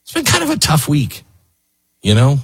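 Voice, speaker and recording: Husky, earnest male talk host. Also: fairly high pitch, wildly swooping pitch, normal speed, fairly bright tone. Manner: earnest, heartfelt, wandering. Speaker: radio show host. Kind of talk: emotional talk radio monologue.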